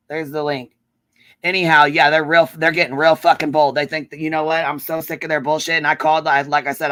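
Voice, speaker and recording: Male streamer, angry profane rant, bright tense voice, dry close sound. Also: a little high, no room sound. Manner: heated, profane, repeats himself. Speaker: livestream host.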